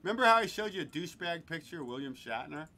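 A man's voice: on the high side, big pitch swings, quick pace, a crowd in the background. A man hosting a podcast in a crude, joking casual chat, laughing often. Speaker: podcast host.

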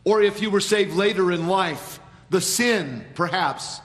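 A man preaching a sermon as pastor in a church, measured, with dramatic pauses and sudden quiet drops. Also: high voice, long reverb tail. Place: church sanctuary.

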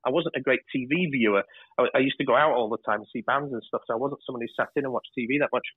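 A man's voice: mid-range voice, very fast, breathy edge, no room sound. A man in his fifties with a northern English accent, talking candidly as a guest and swearing freely. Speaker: guest, television director. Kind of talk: casual interview storytelling. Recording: dry, phone-like muffled line.

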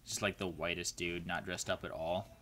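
A man's voice: deep voice, flat delivery, normal speed, background noise. A man chatting casually and joking with friends while playing an online shooter, now and then swearing at the game. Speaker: gamer streaming multiplayer with friends. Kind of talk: casual gaming chat.

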